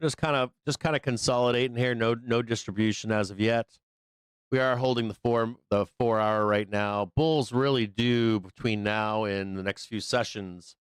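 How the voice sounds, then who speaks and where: A hoarse man hosting a live trading show, giving loose, profane, rambling market commentary on a close microphone. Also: medium pitch, steady tone, normal speed, no echo. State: hoarse, losing his voice.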